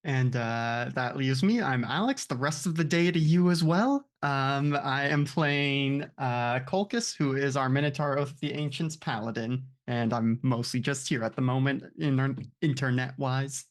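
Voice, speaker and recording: A man player on a streamed tabletop game introducing his character in a relaxed, easygoing way. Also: medium pitch, normal speed, hardly any pauses.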